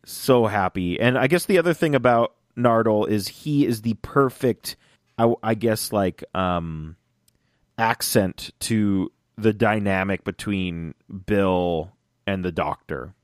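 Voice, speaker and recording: A man in a casual fan chat, talking excitedly and rambling, often acting out lines in little voices. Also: fairly low pitch, slow, no room sound, studio quality. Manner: excited, rambling, acts out quotes.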